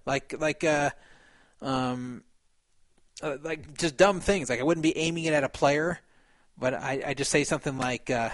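Guy on a podcast reading out a story then riffing on it, bit high voice, dead dry sound. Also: dry recording. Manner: reads aloud then comments with fillers and laughs. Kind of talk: casual chat reading and discussing a written account.

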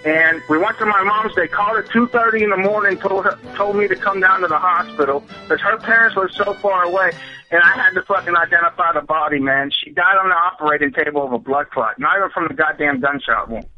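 A man's voice: high voice, quick pace, faint music behind. A man calling into a radio show, telling a story in a rambling, profane way that keeps repeating itself. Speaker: caller. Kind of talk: emotional call-in storytelling. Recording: dull phone-call sound on radio.

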